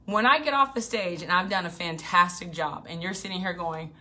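A middle-aged woman business coach giving an animated, emphatic motivational talk, hammering her points with repetition. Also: fairly low pitch, brisk. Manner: emphatic, animated, repeats for punch.

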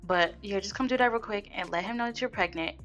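Bright-voiced young woman commenting on gameplay. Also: medium pitch, quick pace, muffled recording, soft background music. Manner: chatty, slangy, playful, laughing at the game. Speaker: Sims let's play host.

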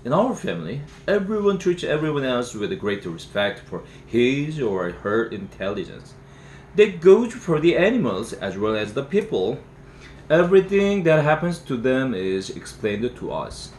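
A man, native Korean speaker and English teacher, reading a novel aloud in a steady storybook manner. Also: mid-range voice, moderate pace. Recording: roomy room echo, faint hiss.

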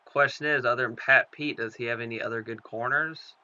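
A young man commentating his own football video game live, excitable, swearing, and talking to the screen. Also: mid-range voice, brisk, lo-fi sound. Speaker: gaming commentator.

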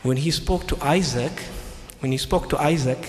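A man's voice: fairly high pitch, moderate pace, a little hiss or hum. A man giving a lecture as a Christian speaker, retelling scripture, repeating his key phrases and speaking English with non-native phrasing. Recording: echoey hall with faint ambience.

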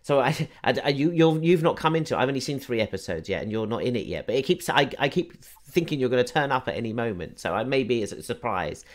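A man's voice: medium pitch, lively intonation, fast talker, hardly any pauses. A man hosting a film chat show, asking rambling questions with many restarts and repeated words. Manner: chatty, stumbling, repeating words. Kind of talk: casual interview chat.

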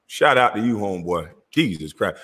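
Husky animated man ranting with a Southern twang. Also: on the low side, normal speed, long reverb tail. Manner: loud, animated, laughing, heavy cursing. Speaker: show host. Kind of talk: casual profane rant.

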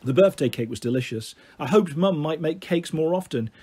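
A man narrating a children's book in a gentle, steady reading voice. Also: fairly high pitch, moderate pace, husky. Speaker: storyteller.

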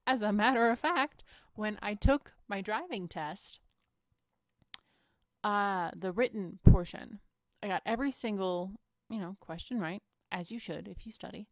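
A woman's voice: mid-range voice, a little slow, darkish tone, no echo. Rambling chatty woman, dry close sound. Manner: chatty, self-deprecating, playful asides. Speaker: vlogger painting watercolors. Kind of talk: rambling casual chat.

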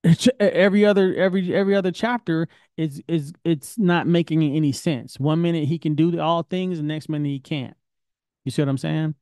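A man's voice: fairly high pitch, warm tone, dry recording, studio quality. A man teaching an informal Bible study lesson, talking in a conversational, questioning way. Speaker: Torah teacher.

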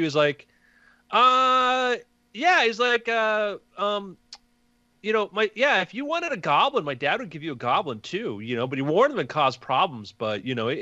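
A man's voice: fairly high pitch, pushed and bright, no echo, dull audio. A man hosting a casual podcast, rambling with many restarts and slipping into quoted voices. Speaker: podcast host.

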